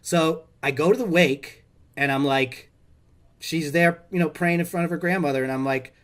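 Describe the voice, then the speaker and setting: Guy on a video call, kinda high voice, rambly and exasperated, gets whiny and pleading. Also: normal speed. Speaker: patient in comedy sketch. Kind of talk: comedic monologue to a therapist.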